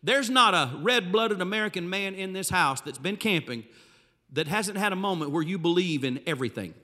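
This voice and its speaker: A man preaching a sermon as a pastor, telling the story with animated, dramatic flair in a large church hall. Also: high voice, normal speed. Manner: animated, dramatic storytelling with vivid, sweeping delivery.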